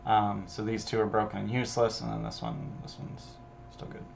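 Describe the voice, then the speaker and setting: Gravelly low-voiced man prepping a game. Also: level tone, brisk, slight background noise. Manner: thinking aloud, offhand, sprinkled with casual swearing. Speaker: game master. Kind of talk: casual solo prep stream, reading module text aloud.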